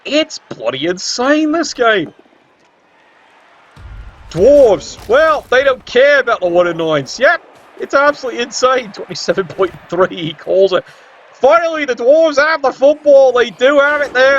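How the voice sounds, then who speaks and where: A man commentating a game, sarcastic and excitable, swearing often. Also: very high-pitched, moderate pace, muffled recording, a little hiss or hum. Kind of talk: tabletop video game commentary.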